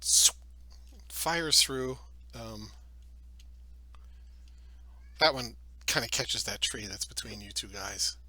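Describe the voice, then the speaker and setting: A man's voice: mid-range voice, takes it slowly, pauses often, sharp tone. A man narrating as game master of a tabletop game, in a loose, chatty way with fillers.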